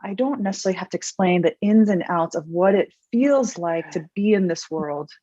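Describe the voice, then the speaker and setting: A woman psychologist guest speaking in a thoughtful, measured way, pausing with fillers. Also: fairly low pitch, dark tone, dry recording. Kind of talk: interview conversation. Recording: muffled dry video-call audio.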